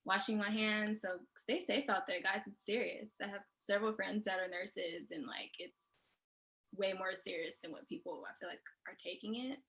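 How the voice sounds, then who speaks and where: A young woman from Houston talks as a guest in a relaxed, chatty way. She laughs easily between her answers, and her voice sits at a middling pitch. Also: moderate pace, low-quality recording. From Houston, Texas. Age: young adult. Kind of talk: casual interview answers.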